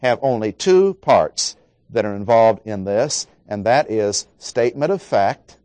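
Deliberate male preacher, dry sound. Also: lowish voice, lively intonation, a little mellow, no room sound. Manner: deliberate, stressing key words with slow dramatic pauses. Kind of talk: expository sermon.

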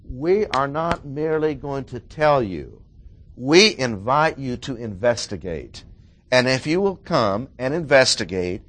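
A man's voice: medium pitch, fairly bright tone. A man preaching a sermon, explaining a Bible passage with emphatic repetition of key words.

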